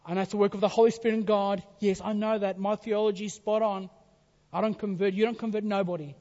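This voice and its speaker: A man preaching a sermon, swinging between forceful emphasis and hushed, whispered phrase endings. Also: high-pitched, little pitch movement, fast. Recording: dull sound in a reverberant hall.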